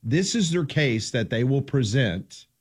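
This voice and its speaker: A man's voice: medium pitch, expressive, a little slow, breathy edge. A man hosting a casual sports talk show, making emphatic points and steering the discussion.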